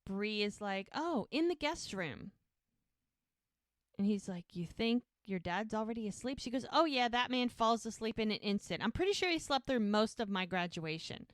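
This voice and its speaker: A woman's voice: mid-range voice, expressive, a little fast, hardly any pauses, no room sound. A woman co-hosting a podcast, casually retelling TV scenes and quoting the characters' lines. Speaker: podcast co-host recapping episodes. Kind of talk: casual recap chat.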